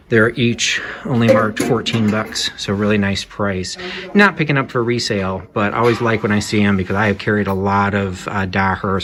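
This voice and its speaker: Browsing an antique shop set in a Victorian house, a man who vlogs about reselling antiques explains pieces conversationally, full of filler words. He has a lowish voice, and there is background noise.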